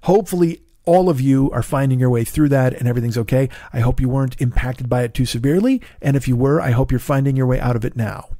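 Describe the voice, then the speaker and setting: A middle-aged man hosting his podcast alone, with a hoarse, tired throat, rambling casually with profane, self-deprecating asides. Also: mid-range voice, fast, hardly any pauses, mellow, no room sound, clean studio sound. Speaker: podcast host. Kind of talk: casual solo podcast chat. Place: home studio in Los Angeles.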